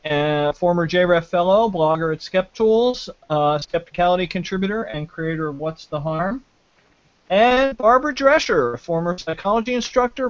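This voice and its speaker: A man hosting a live online panel show from home, talking casually and haltingly with many fillers and restarts. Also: on the high side, no room sound. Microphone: video call. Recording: dull lo-fi glitchy internet audio.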